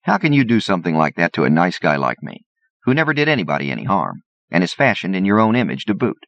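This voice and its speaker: A man's voice: low voice, sing-song, fast, fairly bright tone, no echo, dull audio, voice pushed up, full character voice. A man doing a cocky, argumentative bartender. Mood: brash, cocky. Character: brash, quick-tongued male bartender and gambler.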